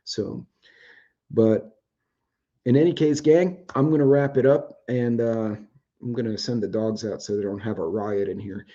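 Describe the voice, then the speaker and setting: Man, casual rambling chat, swears a lot, slightly worn voice, mellow tone, muffled recording. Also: medium pitch, steady tone, unhurried. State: voice starting to go. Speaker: host. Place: home, indoors with dogs.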